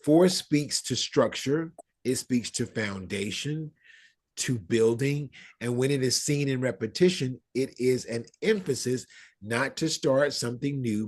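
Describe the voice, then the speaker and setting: A man's voice: mid-range voice, darkish tone, breathy edge. A man teaching a live class on spiritual ideas, talking in a conversational way, checking in with his listeners and acting out everyday quotes. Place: room with a live audience.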